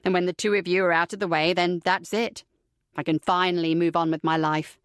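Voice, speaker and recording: A woman's voice: lowish voice, steady tone, a little fast, clean tone, dry recording, studio quality, voice pushed down, close to an everyday voice. A woman reading an audiobook, voicing a cruel, foul-mouthed young man who taunts his captive with contempt. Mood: sneering. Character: cruel sneering young man, villainous captor.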